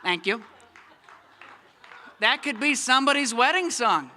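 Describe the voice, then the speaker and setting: Young male comic, bright voice, lively self-deprecating stand-up. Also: extremely high pitch, a little slow, a little hiss or hum. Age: young adult. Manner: animated, self-mocking. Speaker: stand-up comedian. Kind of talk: stand-up comedy set.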